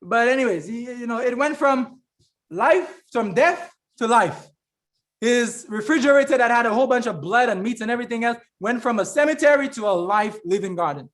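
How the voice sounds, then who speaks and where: A man's voice: extremely high pitch, lively intonation, normal speed, fairly bright tone. A man giving a fervent, preaching-style health talk as an evangelist and remedies trainer, rambling with restarts and often calling the listeners friends. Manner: rambling with frequent restarts and fillers.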